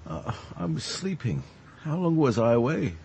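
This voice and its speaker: A man's voice: on the high side, sing-song, a little mellow, slight background noise, pitched above the performer's own voice. A man doing a dazed, newly woken wanderer. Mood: bewildered. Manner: halting, bewildered questions.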